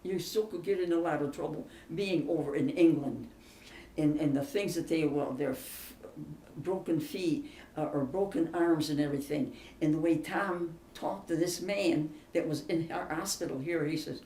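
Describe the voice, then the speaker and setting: A woman's voice: low-pitched, moderate pace, mellow. An older woman spins family stories in a chatty, emphatic way. She sits back from the mic in a room that echoes. A faint hiss runs underneath. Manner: chatty, emphatic, laughs through her stories. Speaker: interviewee. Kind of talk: casual storytelling interview. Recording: roomy, distant mic, faint background hiss.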